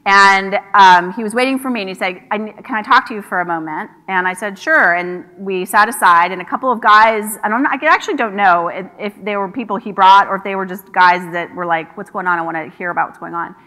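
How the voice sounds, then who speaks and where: Bright-voiced woman giving a keynote. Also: medium pitch, brisk, few pauses. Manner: conversational storytelling with quoted dialogue. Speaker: keynote speaker. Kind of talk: conference keynote speech. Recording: hall reverb from a large venue.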